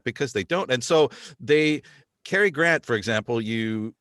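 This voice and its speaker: A man from Canada hosts a casual podcast chat, telling stories with lively asides and quick impressions of other accents. His voice sits at an ordinary middle pitch. The sound is dry and close, with almost no room around it. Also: dry recording. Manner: animated storyteller, slips into mock accents. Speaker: podcast host.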